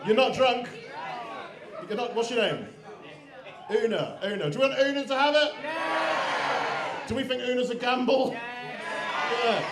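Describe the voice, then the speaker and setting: Man compering a comedy club, very high voice, crude teasing banter, echoey room, loud crowd. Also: measured pace, long pauses, very noisy. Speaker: comedy show host. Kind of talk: live stand-up compering. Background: audience laughter and cheers.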